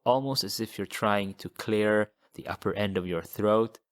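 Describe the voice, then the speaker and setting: A man teaching a language lesson, patiently repeating model words slowly for learners to copy. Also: on the low side. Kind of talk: slow, deliberate language lesson.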